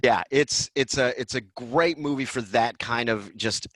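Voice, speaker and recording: A man hosting a casual podcast chat about a film, excited and breaking into quick acted-out lines. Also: medium pitch, no echo. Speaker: podcast host. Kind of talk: casual movie discussion.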